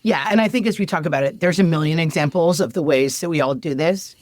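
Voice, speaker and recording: A woman co-hosting a podcast in casual chat, with wry, deadpan humor. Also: low-pitched, fast, no echo. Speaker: podcast co-host.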